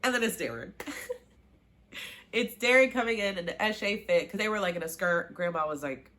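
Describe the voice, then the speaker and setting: A woman recapping a TV season in a casual, animated way, acting out the characters' lines and gushing over favorite scenes. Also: mid-range voice, moderate pace. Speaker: show recap vlogger.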